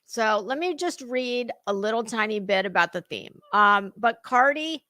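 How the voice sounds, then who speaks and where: A woman's voice: fairly high pitch, expressive, measured pace, sharp tone, no room sound. A middle-aged American woman, chatting casually and ramblingly as host of a live fashion commentary stream, self-deprecating and friendly with viewers. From United States.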